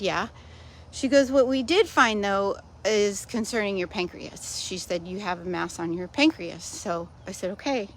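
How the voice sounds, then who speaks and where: A woman's voice: mid-range voice, slight background noise. A woman recording a casual personal video update, telling her story in a chatty, matter-of-fact way with wry humor. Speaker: vlogger sharing personal news.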